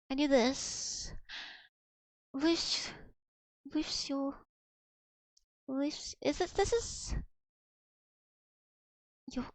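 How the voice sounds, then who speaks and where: A young woman chats casually on a livestream, mocking herself and peppering her speech with "like" while she tries out Russian words aloud. Her voice is high-pitched and fairly bright, with no echo.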